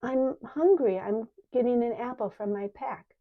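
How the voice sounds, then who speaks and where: A woman's voice: on the high side, unhurried, voice pushed up, lightly acted. A woman voicing a frightened young girl who pleads in a raised, anxious voice. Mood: plaintive. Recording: dull lo-fi recording.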